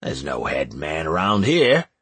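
Man doing a gruff suspicious blacksmith. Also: extremely low pitch, huge pitch swings, unhurried, fairly bright tone, no echo, voice pushed down, full character voice.

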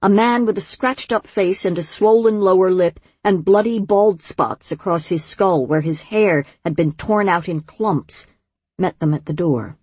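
A woman reading a fantasy novel aloud in measured, wryly storytelling audiobook narration. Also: lowish voice, a little mellow, husky, dry recording.

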